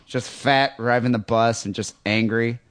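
A man co-hosting a crude comedy podcast, joking loudly and reading a listener's email aloud with lively asides. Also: mid-range voice, a little slow, clear, resonant tone, no room sound, studio quality. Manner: loud, animated, jokey storytelling. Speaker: podcast co-host.

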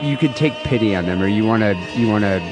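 A man co-hosting a podcast in casual, irreverent chat, animated and often restarting his sentences. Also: fairly low pitch, quick pace, music in the background. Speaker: podcast co-host. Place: home studio in LA.

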